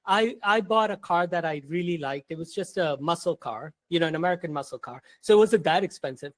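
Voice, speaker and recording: High-voiced man, blunt and emphatic. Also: brisk, no room sound. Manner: blunt, emphatic storytelling with slang. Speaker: guest, entrepreneur. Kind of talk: casual podcast conversation.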